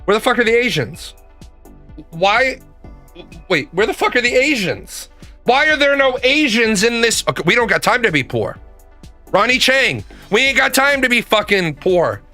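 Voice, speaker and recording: A man's voice: extremely high pitch, big pitch swings, normal speed, pushed and bright, faint music behind. A man ranting in a casual, profane way, hammering his points home through repetition. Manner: emphatic, profane, repeats points for emphasis. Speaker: commentator.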